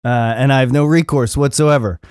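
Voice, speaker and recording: Middle-aged male podcast host, loose and profane, self-deprecating, mid-pitched, dry close sound. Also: steady tone, brisk, darkish tone, clean tone, no room sound. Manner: profane, rambling and self-mocking. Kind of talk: casual solo podcast rant. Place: Los Angeles area.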